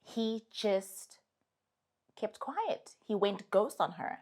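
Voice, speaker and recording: Speaking very slowly at a medium pitch, this young South African woman offers casual advice to her followers. She's animated, emphatic and sassy throughout.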